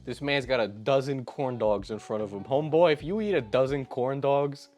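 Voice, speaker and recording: A man's voice: medium pitch, moderate pace, few pauses, darkish tone, soft background music. A young man giving comedic reaction commentary in an exasperated, sarcastic, ranting manner. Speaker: YouTube commentator.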